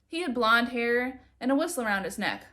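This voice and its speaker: A woman reading a children's chapter book aloud in a lively, expressive way. Her voice sits a little high. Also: a little fast. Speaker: reader.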